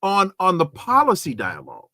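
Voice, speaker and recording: A man from California hosting an interview podcast, asking long, deliberate questions with stammered restarts. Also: high-pitched, huge pitch swings, bright, forceful tone, dry recording, studio quality. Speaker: podcast host.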